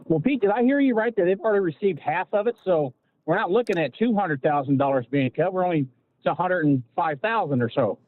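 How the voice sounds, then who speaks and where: A man calling in to a talk radio show, asking a quick question. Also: high voice, lively intonation, dry recording. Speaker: radio caller. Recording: tinny phone line.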